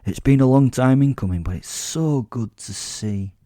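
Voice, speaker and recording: A man's voice: mid-range voice, moderate pace, mellow, dry recording, studio quality, voice pushed up, close to an everyday voice. A man playing a gloating inner wolf spirit.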